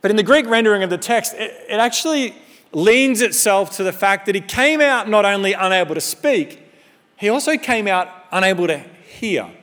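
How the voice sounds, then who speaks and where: High-voiced man preaching in a reverberant hall. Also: moderate pace. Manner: animated conversational preaching with humorous asides. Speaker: pastor. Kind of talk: sermon.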